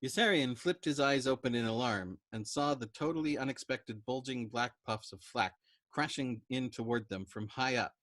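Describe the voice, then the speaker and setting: A man reading a novel aloud as a storyteller, in an expressive, animated way. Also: mid-range voice, normal speed, dry recording.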